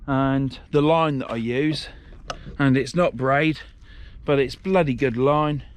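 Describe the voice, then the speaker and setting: A middle-aged man, filming himself outdoors on a riverside shore. His voice sits a little high, and he rambles and grumbles bluntly, swearing as he goes. Casual, unscripted vlog talk into a handheld camera. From England. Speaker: fishing vlogger.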